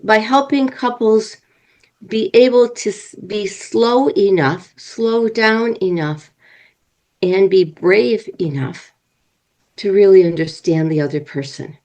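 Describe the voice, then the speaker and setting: A woman's voice: medium pitch, slow, a little mellow, low-quality recording. A woman speaking as a guest on an interview podcast, explaining in an earnest way and working through examples. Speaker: marriage and family coach.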